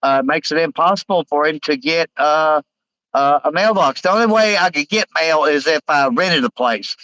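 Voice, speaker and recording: A man's voice: fairly high pitch, pushed and bright, no room sound, low-quality recording. Rambling man hosting a live stream. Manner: rambling, halting, many uh fillers. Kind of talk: casual live stream chat, reading comments aloud.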